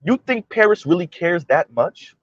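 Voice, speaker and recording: A man's voice: sits high, animated, normal speed, no echo, muffled recording. A man hosting a commentary monologue, pressing his points with repeated rhetorical questions. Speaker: commentary video host.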